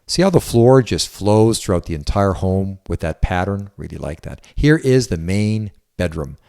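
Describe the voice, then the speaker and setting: His low-pitched voice is animated, gravelly yet mellow, moving at a moderate pace. He's showing off the interior of a house as a real estate agent, an enthusiastic and chatty guide who resides in Southwest Florida.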